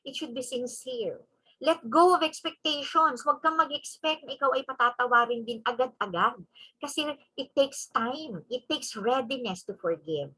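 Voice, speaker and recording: Filipina lady lecturing, high bright voice that swoops all over, emphatic, keeps asking "no?". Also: animated, moderate pace, husky, rough recording. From Philippines. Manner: emphatic, switches between English and Tagalog, frequent "no?" tag questions. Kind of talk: convention lecture.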